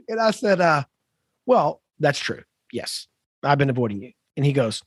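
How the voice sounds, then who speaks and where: A man in his fifties, a podcast co-host, telling a story in an animated, emphatic way with lively asides. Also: fairly high pitch, unhurried, pauses often, no room sound. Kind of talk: conversational storytelling.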